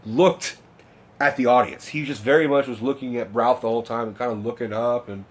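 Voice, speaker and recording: A man's voice: medium pitch, fairly even intonation, a little fast. A young man, telling a story in a casual, rambling, profane rant to camera. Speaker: vlogger.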